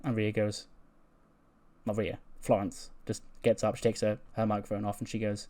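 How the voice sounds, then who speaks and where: Guy chatting thru a game run, rambly, fixes himself a lot, lowish voice. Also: monotone, normal speed, a little mellow. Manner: rambling, self-correcting. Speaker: gaming channel host. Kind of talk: casual game commentary, recounting story.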